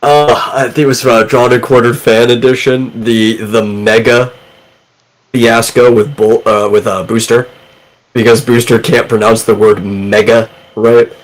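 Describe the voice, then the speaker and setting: A man's voice: medium pitch, flat delivery, measured pace, poor audio. A man co-hosting a casual livestream chat and telling rambling stories with a chuckle.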